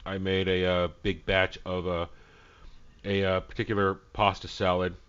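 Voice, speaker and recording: Deep-voiced man chatting casually. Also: completely flat delivery, normal speed, fairly bright tone, smooth, lo-fi sound. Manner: rambling, hesitant with many fillers. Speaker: stream host. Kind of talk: casual chat.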